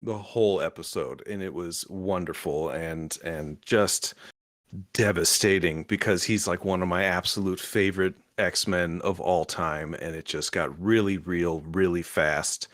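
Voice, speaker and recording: A young man recaps with raw, excitable energy, cursing freely and jumping into little acted-out quotes. His voice sits low in pitch. The sound is close and dry, with almost no room around it. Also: unhurried, dry recording. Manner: excitable, swears often, acts out quotes in shifting pitch. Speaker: podcast co-host reviewing a show. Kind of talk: emotional casual recap.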